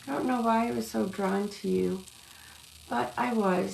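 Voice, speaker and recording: A woman's voice: mid-range voice, fairly even intonation, normal speed, creaky, a little mellow. A woman giving casual live-stream tarot readings, rambling and calling viewers love and sweetheart. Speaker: tarot reader. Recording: echoey room with faint background noise.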